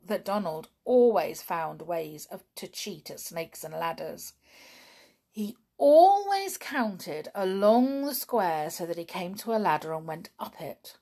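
A woman reading a children's storybook aloud in an expressive way with confiding asides. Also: fairly low pitch, gravelly, husky.

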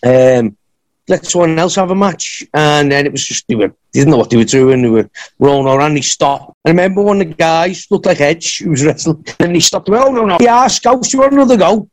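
A man spins a long story in a relaxed interview, his voice sitting a touch high for a man. He jumps into the voices of the people in his tale, then drops back to his easy storytelling tone. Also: a little fast. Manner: animated anecdotes, acts out others' lines. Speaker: podcast guest, wrestler. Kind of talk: casual storytelling.

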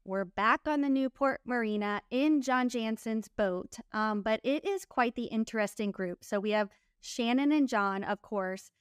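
A woman's voice: fairly high pitch, unhurried, few pauses, clean tone, no echo, studio quality. A young woman co-hosting a casual chat show, recapping a reality series and acting out the cast's lines. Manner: chatty, acts out cast members' lines. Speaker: podcast co-host.

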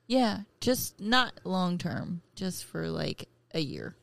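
A woman's voice: lowish voice, expressive, slow pace, vocal fry, no echo. A woman telling a funny story at a podcast dinner table, often breaking into giggles partway through her sentences. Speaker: host's wife, guest. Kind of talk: casual storytelling.

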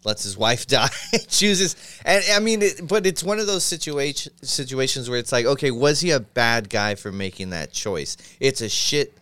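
A man's voice: medium pitch, animated, moderate pace, hardly any pauses, a bit bright, dry recording. A man co-hosting a podcast, joking bluntly and sarcastically, with a lot of swearing. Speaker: podcast co-host. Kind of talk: casual fan chat.

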